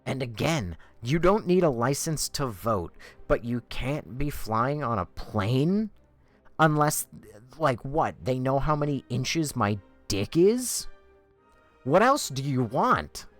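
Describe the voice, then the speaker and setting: A man's voice: mid-range voice, very animated, slow pace, dry recording, soft background music. A man ranting profanely and in exasperation while chatting on a game livestream from home. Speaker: game streamer. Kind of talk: livestream chat.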